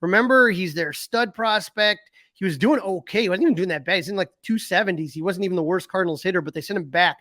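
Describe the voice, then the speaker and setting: High-voiced man reeling off sports stats. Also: quick pace, fairly bright tone, no echo, clean studio sound. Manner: reels off stats with fillers and restarts. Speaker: podcast co-host. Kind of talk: casual sports talk.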